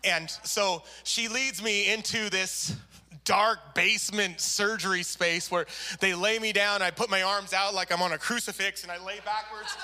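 A man's voice: sits high, sharp tone. A man preaching a sermon, telling a story animatedly and acting out the people in it. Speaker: pastor.

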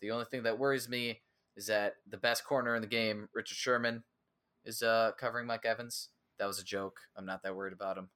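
Man co-host, bright forceful voice, jokey, dry one-liners, casual sports chat. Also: on the low side, steady tone, a little fast, smooth. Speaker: fantasy football podcast co-host.

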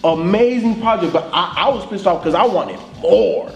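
A man co-hosting a casual album review chat, talking in an animated, emphatic, profane way and often repeating himself as he starts a thought. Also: sits high, normal speed. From East Atlanta, US. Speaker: podcast co-host reviewing an album. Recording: roomy echo.

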